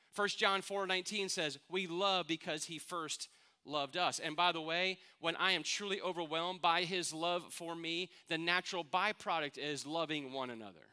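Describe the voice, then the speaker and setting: A man in middle age preaches to his church, talking to them like a friend and asking them questions. His voice sits high for a man and rings bright. It comes through smooth and clean. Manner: earnest, conversational preaching with rhetorical questions. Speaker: pastor. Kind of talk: sermon.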